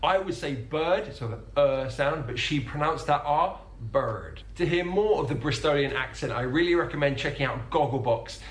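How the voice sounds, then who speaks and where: Guy teaching accents, sounds out words slow and careful, bit of room echo. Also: on the high side. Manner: demonstrates sounds slowly and carefully. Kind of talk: explanatory narration.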